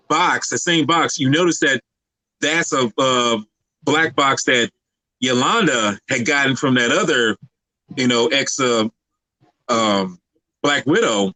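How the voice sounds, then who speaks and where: Man, podcast recap, rambling and halting, bright forceful voice, dry close sound. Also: mid-range voice, no echo, rough recording. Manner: rambling, halting with many fillers. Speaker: podcast co-host. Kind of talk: casual movie recap.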